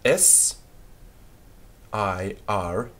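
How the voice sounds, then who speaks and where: A man with a fairly low, fairly bright voice teaches a beginners' French lesson, dictating slowly and patiently and spelling words out one letter at a time.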